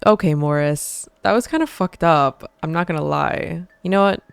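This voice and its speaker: A woman hosting a let's play, giving casual, excitable gameplay commentary and swearing freely. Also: low voice, normal speed, gravelly, smooth, no echo.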